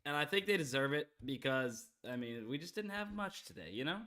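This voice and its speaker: A young man co-hosting a sports betting livestream, talking in a laid-back, quiet way and teasing back. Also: fairly high pitch, animated, fairly quick. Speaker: co-host. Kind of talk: casual livestream chat.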